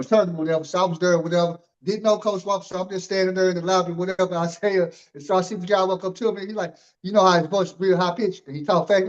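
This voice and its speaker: High-voiced rambling male interview host. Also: lo-fi sound. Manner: rambling, loaded with "you know" and "man". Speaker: podcast host. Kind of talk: casual interview chat.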